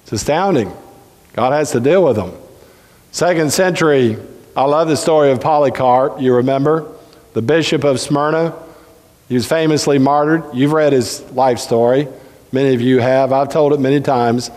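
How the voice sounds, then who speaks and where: A man preaching a sermon as pastor, with sudden jumps in pitch and drawn-out words for emphasis. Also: a little mellow. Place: church sanctuary. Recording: church hall with long reverb.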